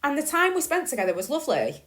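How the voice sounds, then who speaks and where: A woman's voice: sits high, very animated, fairly bright tone. A woman, likely in her thirties, telling a personal family story in a candid, swearing podcast monologue. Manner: candid and profane, swinging between slow reflection and bursts of emphasis. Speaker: podcast host.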